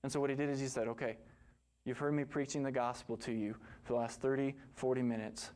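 A man's voice: medium pitch, fairly even intonation, fast talker, a little mellow. A man preaching a sermon, telling a story earnestly and rising to impassioned emphasis before leading a prayer. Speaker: pastor.

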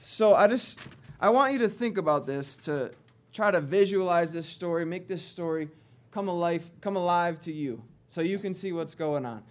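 Conversational male preacher, fairly high voice. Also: normal speed. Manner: conversational, swings between soft asides and emphatic. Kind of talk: sermon.

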